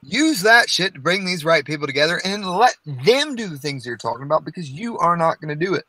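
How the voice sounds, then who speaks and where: A man's voice: a little high, animated, brisk, sharp tone, no room sound, low-quality recording. A man in casual group talk, handing out blunt, profane advice and pushing his point hard.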